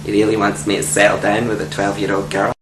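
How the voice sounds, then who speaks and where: A man playing a timid, soft-spoken young man who talks in a prim, gentle way. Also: on the low side, level tone, quick pace, close to an everyday voice. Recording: echoey room with air-conditioning hum.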